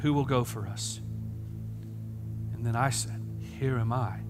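A man preaching a sermon, swinging from hushed whispers to loud, impassioned preaching. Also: mid-range voice, a little slow, music in the background. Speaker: pastor.

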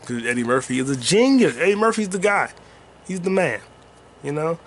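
A man's voice: on the high side, big pitch swings, normal speed, slight background noise. A man hosting a rambling solo podcast while gaming, talking loosely and profanely with sing-song asides. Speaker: podcast host.

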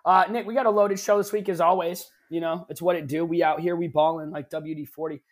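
A man's voice: on the high side, steady tone, fast talker. A man co-hosting a casual live-streamed podcast, teasing and joking in loose slang. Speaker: podcast co-host. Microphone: streaming from home on camera.

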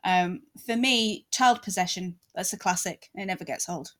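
A woman co-hosting a casual chat, relaxed and wry, laughing along with her partner. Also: on the low side, normal speed.

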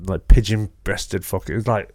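A man, co-hosting a podcast and telling a story in a sweary, animated way. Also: on the low side, normal speed, no echo, studio quality. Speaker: podcast co-host. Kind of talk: casual chat.

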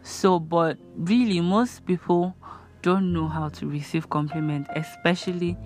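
A young Nigerian woman gives friendly life advice in a relaxed, chatty way, her speaking voice sitting a bit on the low side. She talks earnestly and often slips into little acted-out exchanges. Soft music plays faintly underneath. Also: measured pace. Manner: chatty, earnest, acts out little dialogues in a higher voice. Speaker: host. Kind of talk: casual advice talk.

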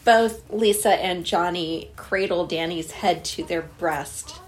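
A woman's voice: lowish voice, slow pace. A woman giving a running, wry, sarcastic commentary while watching a movie.

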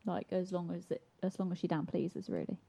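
A woman chatting casually in a mellow, darker voice. She talks fast and drops in dry little quips. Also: on the low side, steady tone, creaky, slightly rough. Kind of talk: casual chat.

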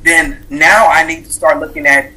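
Earnest, bright-voiced man in his thirties. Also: fairly high pitch, steady tone, normal speed, rough recording. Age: 30s. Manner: earnest, reflective, with many fillers and restarts. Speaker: guest, author. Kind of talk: personal story in an interview.

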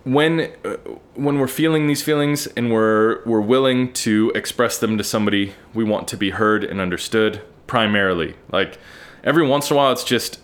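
A man's voice: lowish voice, normal speed. A man hosting a solo podcast, talking through his thoughts in an earnest, candid way and swearing casually. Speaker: podcast host. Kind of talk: solo reflective monologue.

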